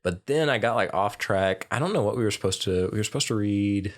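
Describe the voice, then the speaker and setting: A young man with a fairly low voice chats loosely on a podcast. He wanders through his thoughts, leaning on ums and likes as he goes, and keeps a relaxed, casual feel. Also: a little fast. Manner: rambling, full of ums and likes. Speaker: podcast co-host. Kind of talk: casual chat.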